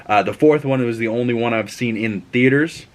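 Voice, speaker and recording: A young man giving a casual movie review, rambling and excitable, with plenty of cursing. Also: mid-range voice, brisk.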